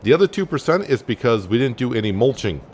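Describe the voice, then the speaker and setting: A man's voice: medium pitch, sing-song, fast talker, a little mellow, slight background noise. A man casually commenting as he plays a farming game, thinking aloud with many fillers. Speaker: gaming channel host. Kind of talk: casual let's-play commentary.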